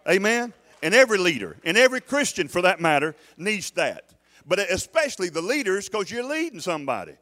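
A man's voice: a little high, a bit bright. A man preaching a sermon as pastor, emphatic, often putting questions to the congregation.

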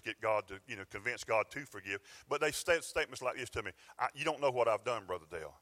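Folksy preacher, bright tone. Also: male voice, mid-range voice. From Georgia, US. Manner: folksy, conversational preaching with bursts of emphasis. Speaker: pastor. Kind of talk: sermon. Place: church sanctuary.

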